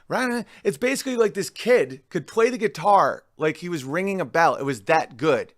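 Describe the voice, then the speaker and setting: This podcast host is a man with a slightly high voice and lively intonation, talking at a moderate pace with hardly any pauses. His casual monologue rambles, restarts often, and breaks into sung lyric snippets over faint background music. The recording is dry and studio-clean.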